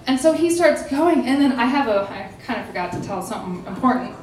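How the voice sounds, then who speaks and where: A young woman with a high voice tells a personal story in a dramatic, animated way, acting out every quote with laughing asides. She sits back from the mic in an echoey room, with faint room noise behind her. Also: fast talker, distant mic. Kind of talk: casual storytelling.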